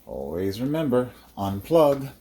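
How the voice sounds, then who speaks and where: Slow-talking man chatting while cooking. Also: medium pitch, sing-song, noisy background. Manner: chuckling, talking while eating. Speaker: video host. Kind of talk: casual cooking vlog.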